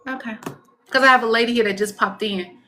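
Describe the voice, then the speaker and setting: A woman working as a psychic medium on a live stream, pausing and searching for words as she relays messages, then jumping up in pitch when quoting. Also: steady tone, bright, forceful tone. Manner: halting, searching for words, coaxing; relays messages with swoops up into quoted speech. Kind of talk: live-stream spirit reading.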